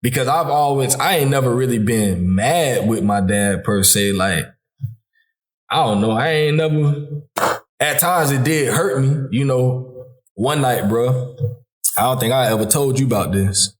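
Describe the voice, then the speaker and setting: A man hosting a podcast who talks through fatherhood in a relaxed, heartfelt chat, often calling his friend "bro". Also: mid-range voice, a little slow. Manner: informal Southern US speech, calls listener "bro". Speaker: podcast host. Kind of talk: casual heartfelt conversation. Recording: echoey room.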